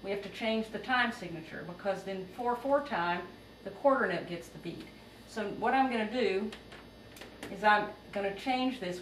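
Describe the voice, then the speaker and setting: A woman's voice: medium pitch, fairly bright tone. A woman teaching a music lesson, explaining rhythm and beat patiently step by step. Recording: roomy, distant, noisy home recording.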